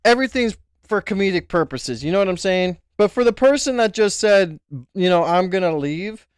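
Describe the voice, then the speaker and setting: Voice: mid-range voice, animated, a little fast, clear, resonant tone, no echo, clean studio sound. An adult livestreamer and self-described comedian, answering chat in a casual, rambling rant full of swearing and restarts. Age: adult with children. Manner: rambling and profane, with frequent restarts; jokey, claims to be a comedian. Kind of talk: casual live stream rant.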